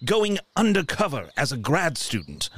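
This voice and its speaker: A man's voice: a little high, wildly swooping pitch, moderate pace, fairly bright tone, slightly rough, no echo. A man in his fifties playing a tabletop game, making dry jokes. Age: 50s. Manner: dry, jokey quips. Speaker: player. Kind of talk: casual chat, joking.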